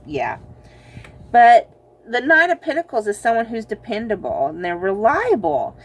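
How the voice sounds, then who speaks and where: A woman's voice: a little high, huge pitch swings, moderate pace, slightly rough. A woman giving a casual tarot card reading, chatty and teasing, laughing often and calling her viewers y'all. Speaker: tarot reader.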